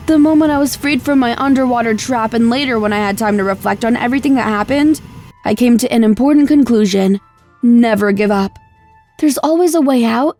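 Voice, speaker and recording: A young woman narrating a first-person animated story in a scripted, emotive storytelling delivery. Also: fairly high pitch.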